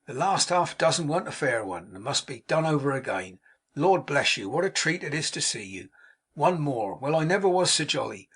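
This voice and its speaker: Brief: a man playing a jolly, husky-voiced young manservant, broad country speech, storybook. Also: on the high side, big pitch swings, moderate pace, fairly bright tone, exaggerated voice. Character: cheerful, hearty young manservant back from abroad.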